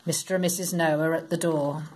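A woman reading a Bible story aloud to children, in a slow, expressive, sing-song storytelling manner. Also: low-pitched, a little hiss or hum.

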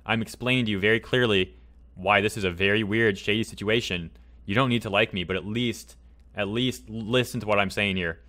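A man's voice: fairly low pitch, brisk, pushed and bright. A man hosting a commentary vlog, ranting heatedly and repeating his points for emphasis. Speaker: commentary channel host.

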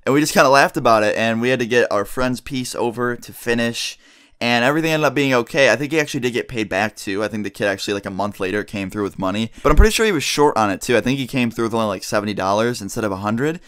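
A man's voice: medium pitch, fast, fairly bright tone, clear, resonant tone. A young man telling a story to his viewers in a casual, rambling way, swearing often and saying "like" a lot. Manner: rambling and profane, heavy use of "like". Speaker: vlogger.

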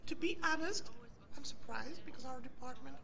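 A woman's voice: high voice, moderate pace, vocal fry, a crowd in the background. A woman voicing a chatty female office worker in a game, with a stiff, earnest delivery.

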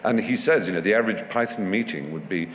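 A man's voice: on the low side, fast talker. A man speaking as a guest in an onstage festival conversation, discursive and wry, often restarting his sentences. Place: festival stage before an audience. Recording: long hall reverb, faint background noise.

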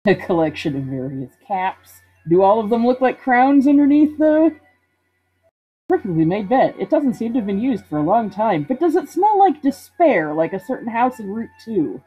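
A woman with a high-leaning voice, big pitch swings and a breathy edge talks at normal speed while streaming a video game. She's playful, reading game text aloud and joking about it in casual let's-play commentary. The stream audio is dull and lo-fi, with game music underneath.

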